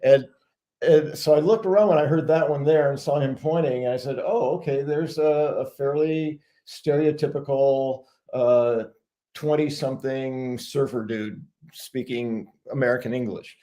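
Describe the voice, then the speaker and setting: A man's voice: medium pitch, steady tone, measured pace, mellow. A man telling a casual anecdote on a live chat show, chuckling and restarting his sentences as he goes. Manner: chatty storyteller, frequent restarts and chuckles. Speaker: guest sharing an anecdote.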